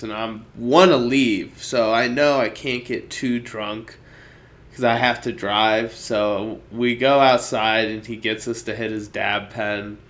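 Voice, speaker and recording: A man co-hosting a podcast, telling a story in casual chat and acting out the people in it. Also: mid-range voice. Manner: animated, acts out the people in his story. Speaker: podcast co-host.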